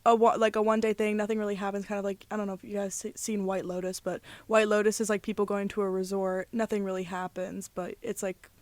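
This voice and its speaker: A woman's voice: medium pitch, flat delivery, fast talker, hardly any pauses, no echo. A young woman talks through a film she loved, rambling and leaning heavily on filler words. Her voice sits mid-range, recorded close and dry with no room sound. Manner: rambling, emotional, many "like" fillers. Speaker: podcast co-host. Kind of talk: casual movie chat.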